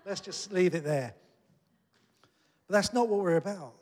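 A man delivering a sermon with a fairly high voice, talking earnestly and plainly, then pressing hard on key points. His words ring out with a long reverb, as in a church hall. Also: measured pace, darkish tone. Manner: earnest, conversational preaching that rises to emphatic peaks. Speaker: preacher.

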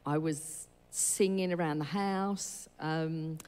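A woman's voice: sits low, fairly even intonation, slow, darkish tone, clean tone. A woman giving a personal testimony in a church, telling her story in a rambling, chatty way and correcting herself as she goes. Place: church hall. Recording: reverberant church hall.

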